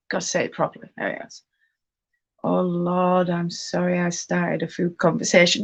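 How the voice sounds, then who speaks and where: A woman's voice: lowish voice, steady tone, normal speed, creaky, fairly bright tone, muffled recording. A woman hosting a casual live stream from home while knitting. She chats and reads viewer comments aloud, reacting to them as she goes. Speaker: livestream host.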